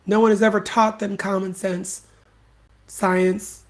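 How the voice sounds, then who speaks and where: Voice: mid-range voice, little pitch movement, slow pace. A podcast host ranting solo, blunt and scornful, swearing freely and hammering points home by repeating them. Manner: emphatic repetition. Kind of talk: solo opinion rant.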